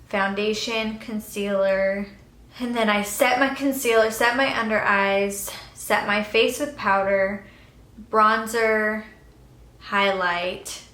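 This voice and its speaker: A woman's voice: mid-range voice, fairly bright tone. Chatty young woman in echoey room. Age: young adult. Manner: chatty, rambling, laughs now and then. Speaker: beauty vlogger. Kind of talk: casual get-ready-with-me chat.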